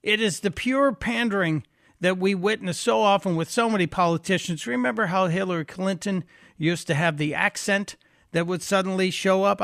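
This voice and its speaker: A man with a high, gravelly voice hosts a talk radio show, filling in for the regular host. His commentary is sarcastic and mocking. The studio sound is close and dry. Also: moderate pace, fairly bright tone, no echo.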